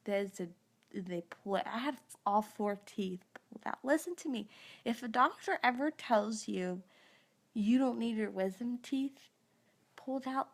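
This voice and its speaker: A woman's voice: on the high side, unhurried. A woman in her thirties, groggy after dental surgery, telling a rambling story in a casual live stream. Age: 30s. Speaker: vlogger. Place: live stream recorded on a phone.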